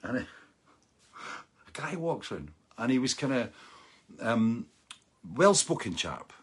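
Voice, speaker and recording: A middle-aged man telling a story in a casual, animated way. He laughs often, restarts phrases and lets lines trail off. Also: medium pitch, takes it slowly, husky.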